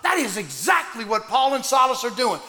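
A man, a pastor preaching a sermon in loud excited bursts that drop low and soft. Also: moderate pace. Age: 60s. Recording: long hall reverb.

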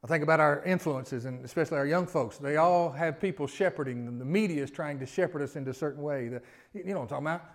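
Man, pastor, higher-pitched voice, emphatic sermon delivery with sudden quiet drops. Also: quick pace. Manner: preaching with wide swings from loud emphasis to quiet asides; repetitive, building lists of rhetorical questions.

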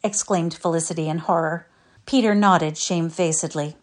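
A woman's voice: on the low side, normal speed. A woman narrating a classic story in a readers' theatre performance.

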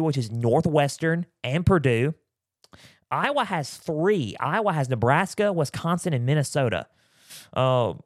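Male sports podcast host, mid-pitch, dry close sound, rambly delivery full of fillers, scratchy throat. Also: no echo. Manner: rambling, repeats himself with many fillers. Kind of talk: casual sports talk. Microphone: close mic, sometimes turning away.

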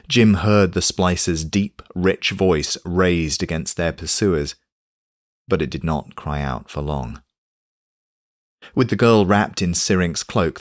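A man with a very low voice narrates an audiobook in a steady, measured way. The sound is close and dry, with no room around it. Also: no room sound. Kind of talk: scripted narration.

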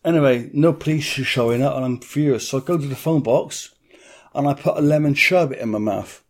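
A man's voice: mid-range voice, fairly quick. A middle-aged man, telling a story bluntly in an interview, swearing freely and acting out other people's voices.

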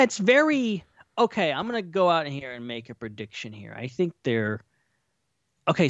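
A man's voice: mid-range voice, fairly bright tone, no room sound. Guy cohosting a podcast, rambles n speculates, kinda muffled dry sound. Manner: rambling, speculative, lots of fillers. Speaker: podcast co-host. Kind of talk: casual chat.

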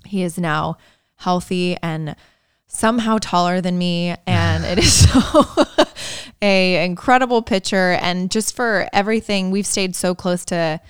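A woman in her thirties co-hosting a podcast, telling stories in a chatty, animated way. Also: on the low side, a little slow, clean tone, no echo, studio quality. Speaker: podcast co-host. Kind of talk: casual chat.

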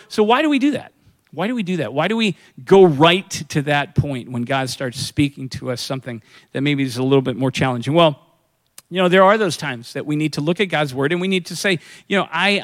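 A man preaching a sermon in a conversational way, asking his congregation questions and acting out what people say. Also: mid-range voice. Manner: conversational preaching, acts out quoted voices, asks the congregation questions. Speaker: pastor.

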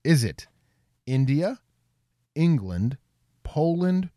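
A man's voice: a little high, sing-song, slow, dark tone, dry recording, studio quality. A man hosting a playful quiz segment, reading out questions and answer options, often laughing. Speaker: quiz host.

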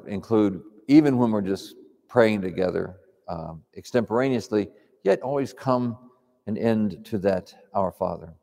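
A man preaching in a calm, reflective, conversational way, teaching on prayer. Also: on the low side, gravelly. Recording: long hall reverb.

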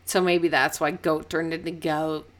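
A woman's voice: low-pitched, flat delivery, unhurried. A woman with an American accent from Colorado, co-hosting a podcast in casual chat and laughing often. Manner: giggly, chatty, laughs often. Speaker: podcast co-host.

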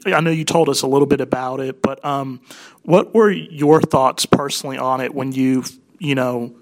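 A man's voice: mid-range voice, normal speed. A young man hosting a radio interview, talking enthusiastically with many ums and restarts. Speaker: radio show host.

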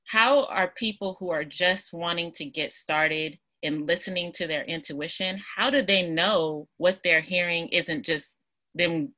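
A woman in her thirties hosts a casual interview, eager and thinking aloud as she stumbles over a few words. Her voice sits fairly low, with a bright, forceful edge. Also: a little slow. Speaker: podcast host.

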